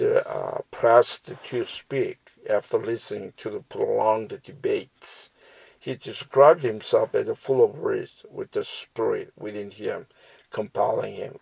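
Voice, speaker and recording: Slow, gravelly man teaching scripture. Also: lowish voice, darkish tone, no room sound, low-quality recording. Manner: reads verses aloud, then explains them with fillers and restarts. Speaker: Bible teacher. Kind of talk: slow scripture reading and commentary.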